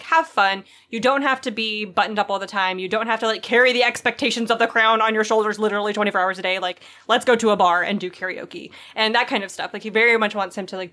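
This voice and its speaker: Woman co-host, fast and bright, casual rambling delivery. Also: medium pitch. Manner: rambling, with lots of "like" and "um". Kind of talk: casual chat.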